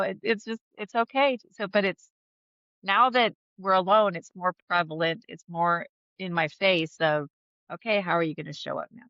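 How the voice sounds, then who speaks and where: A woman's voice: fairly low pitch, fairly even intonation, normal speed, a bit bright, dry recording, lo-fi sound. A woman guest talking openly in an interview, chatty, laughing often and restarting her sentences. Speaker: podcast guest. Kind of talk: candid conversational interview.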